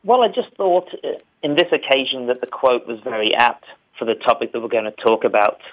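Polite, measured male panel guest. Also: mid-range voice, dull audio. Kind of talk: casual radio chat.

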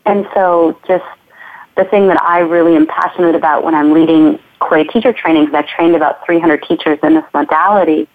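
A woman's voice: deep voice, steady tone, brisk. A woman movement teacher speaking as an interview guest, earnest and flowing, often repeating her phrases. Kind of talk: reflective conversational interview. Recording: tinny phone-like line.

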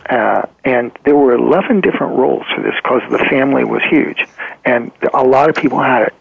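A man telling a client story as a guest in a podcast interview, earnest and halting, with frequent ums and restarts. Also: mid-range voice, vocal fry, breathy edge, no room sound. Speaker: guest therapist. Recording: tinny phone-like line.

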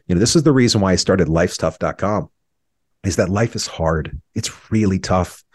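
A man in his thirties, appearing as an interview guest, tells a painful personal story earnestly and reflectively, his voice sometimes breaking with emotion. He has a deep, slightly mellow voice at a moderate pace, recorded dry with clean studio sound.

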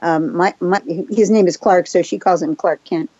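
Fast-talking woman on a radio show. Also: on the low side, dry recording, dull audio. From Japan. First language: Japanese. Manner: fast, animated, self-assured storytelling. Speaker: radio guest, therapist and hypnotist. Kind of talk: casual chat on a radio show.

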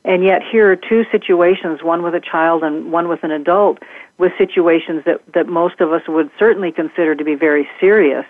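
A woman, a communication trainer, speaking as a guest in an interview, talking in a gentle, measured and reflective way. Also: on the low side, dry recording. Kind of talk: conversational interview. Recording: dry tinny phone line.

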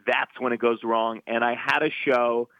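A man's voice: medium pitch, little pitch movement, moderate pace, no room sound. A man, a stand-up comedian guest, telling a rambling, self-deprecating story. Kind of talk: casual anecdote telling. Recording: dry tinny phone line.

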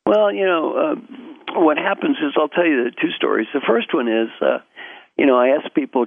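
An older man, an executive coach, giving animated storytelling answers in an interview over the phone. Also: fairly high pitch, a little fast, gravelly, dry recording. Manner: animated storyteller, acts out quotes. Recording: tinny phone line.

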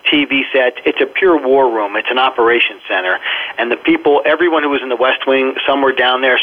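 A man giving an earnest first-hand account as a guest in a radio interview, often restarting his phrases. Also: lowish voice. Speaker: interview guest recounting events. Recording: tinny phone line.

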